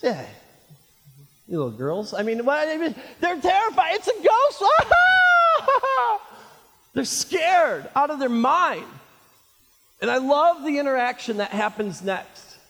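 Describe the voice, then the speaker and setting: A male pastor preaching a sermon, animated and jokey, calling his listeners friends. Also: very high voice, measured pace, creaky. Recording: reverberant hall.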